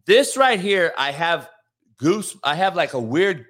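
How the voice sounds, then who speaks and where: A man with a bright, fairly high voice tells stories with animated energy and plenty of profanity. He speaks as a football coach chatting casually on a podcast. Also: measured pace. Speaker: coach, co-host. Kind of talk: casual chat.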